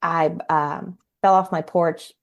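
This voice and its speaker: A woman's voice: lowish voice, steady tone, takes it slowly, highs cut off. A woman in her forties, a parenting coach on a podcast, telling stories animatedly and acting out quoted dialogue. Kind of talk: podcast interview storytelling.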